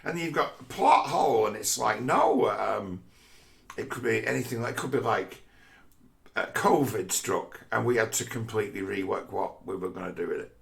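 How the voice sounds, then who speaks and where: A man's voice: fairly low pitch, expressive, normal speed, vocal fry, fairly bright tone. A man in a rambling, profane casual rant who often stumbles and repeats words mid-thought.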